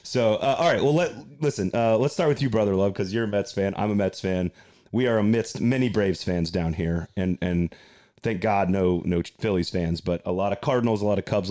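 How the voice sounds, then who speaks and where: Low-voiced chatty podcast host. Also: male voice, dark tone. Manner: chatty, self-deprecating, rambling restarts. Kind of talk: casual podcast chat.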